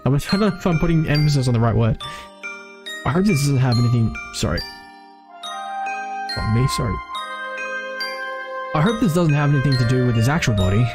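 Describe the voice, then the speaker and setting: A casual, rambling streamer who swears freely and repeats lines to get the delivery right. The voice is mid-pitched, with faint xylophone-like game music under it. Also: lively intonation, a little fast, long pauses. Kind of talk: live game commentary and reading aloud.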